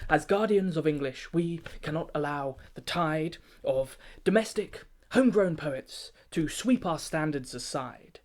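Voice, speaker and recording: Playing a pompous, snobbish gatekeeper of poetry, a man recites comic rhyming verse as satirical spoken word, styled like an official briefing. His natural, slightly mellow voice sits on the high side, grandiloquent and rhythmic, a little slow with hardly any pauses.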